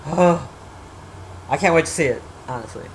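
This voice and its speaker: This woman speaks low and animated on a casual livestream, bluntly going on about a movie. Profanity flows freely as she teases a chat that never answers, restarting sentences and drifting into long asides. Slight background noise and poor audio quality come through.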